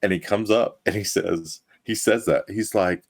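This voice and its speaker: A man co-hosting a casual review chat, telling stories excitably. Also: sits low, moderate pace, vocal fry. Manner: excitable storytelling. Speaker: podcast co-host.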